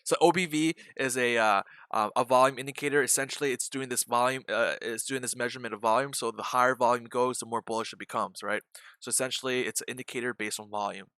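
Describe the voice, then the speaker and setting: A man's voice: mid-range voice, fairly even intonation, quick pace, bright, forceful tone, smooth, no echo. A man hosting a live day trading stream, joking, rambling and swearing freely as he explains charts to viewers. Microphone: desk microphone.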